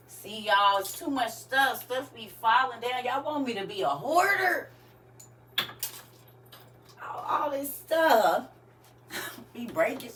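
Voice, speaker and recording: A woman hosts a casual live stream, talking straight to her viewers in a chatty, half-preachy way and laughing often. Her voice is bright and sharp, with a middling pitch. She sits a little back from the microphone, so she sounds slightly distant. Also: lively intonation, measured pace, long pauses.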